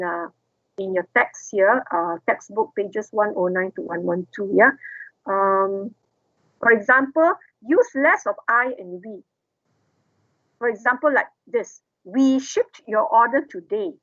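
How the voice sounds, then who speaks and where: A woman's voice: mid-range voice, a bit bright, no room sound, muffled recording. A woman lecturer, explaining step by step and asking the class questions.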